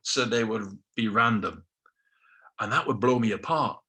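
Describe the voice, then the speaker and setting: A man's voice: lowish voice, measured pace, sharp tone. A middle-aged man with a British accent telling his own story casually, acting out quotes with self-deprecating asides. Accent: British English.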